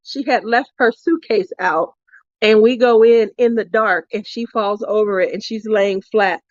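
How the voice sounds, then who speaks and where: A woman's voice: mid-range voice, unhurried, dry recording, dull audio. A woman vlogger telling a craft retreat story in a casual way, laughing often between sentences. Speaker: crafting vlogger giving awards.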